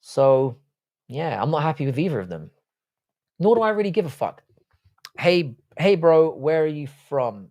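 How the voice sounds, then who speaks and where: A man's voice: fairly high pitch, big pitch swings, moderate pace, long pauses, warm tone, highs cut off. A man from Cork, hosting a livestream, reading viewer questions and answering them bluntly, with lots of swearing. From Cork, Ireland. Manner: blunt and heavily profane, shifting between jokes and asides. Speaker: livestream host.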